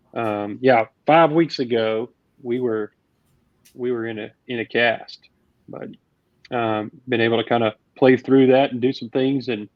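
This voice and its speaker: A man, a youth baseball coach, talking in casual, rambling chat with halting restarts. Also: mid-range voice, no echo. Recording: dull dry sound.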